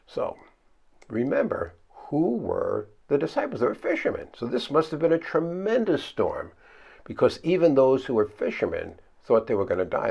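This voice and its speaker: A man's voice: sing-song, normal speed, vocal fry, a little mellow, husky, lo-fi sound. A pastor preaching a conversational sermon, asking his listeners questions and answering them himself. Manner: acts out the frightened disciples in high pleading voices.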